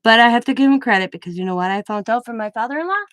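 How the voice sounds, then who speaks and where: A woman's voice: fairly high pitch, lively intonation, rapid-fire, a bit bright, low-quality recording. A middle-aged woman hosting a crafting live stream, chatting in a rambling, emotional way and trailing off mid-sentence. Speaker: craft channel host. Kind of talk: casual live-stream chat.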